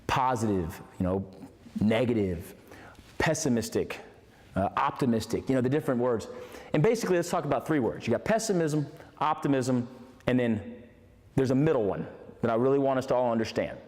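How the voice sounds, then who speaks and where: A man gives a motivational talk at a medium pitch, getting animated and emphatic and repeating key words to drive his points home. His voice rings with a long reverb, as if he is in a large hall. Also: brisk, long pauses. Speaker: motivational host.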